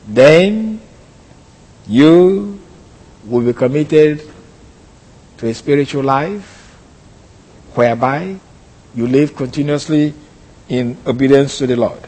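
A man preaching an expository sermon, explaining a text and slowing down to stress key words. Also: on the high side, lively intonation, mellow, breathy edge. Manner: teaching, with sudden slow emphatic stretches. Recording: long hall reverb.

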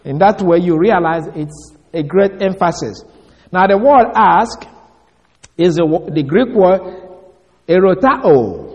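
A man giving an expository Bible teaching, reading verses slowly and spelling out Greek words letter by letter. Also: sits high, expressive, a little mellow, highs cut off. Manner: slow, emphatic reading of scripture. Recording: long hall reverb.

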